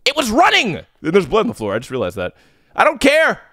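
Jittery horror gamer, male, bright lively voice that shoots up into yells. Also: high voice, fast, no echo, clean studio sound. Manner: yells and screams when scared; jittery, nervous joking. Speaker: let's play gamer. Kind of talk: horror game playthrough commentary.

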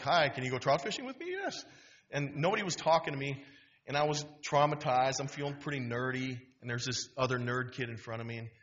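A man's voice: medium pitch, a little hiss or hum. A man in his fifties from Wisconsin, a guest speaker telling a humorous story with lots of restarts in a university auditorium. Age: 50s. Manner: animated, humorous, full of restarts. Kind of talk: storytelling talk. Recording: dull auditorium recording.

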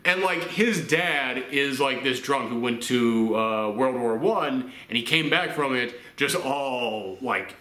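A man's voice: mid-range voice, lively intonation, slow, few pauses, bright, forceful tone. A man from the Southern United States giving a casual film review, chatty, with laughing asides and acted-out quotes. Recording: roomy echo.

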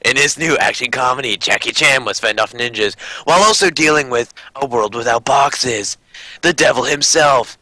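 A man putting on a movie trailer announcer voice while reading game cards, halting and breaking into giggles. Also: mid-range voice, bright, forceful tone, rough recording. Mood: mock-dramatic.

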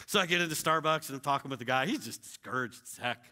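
A middle-aged male pastor telling a story in a sermon, acting out the dialogue with shouts and laughter. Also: mid-range voice, a little hiss or hum.

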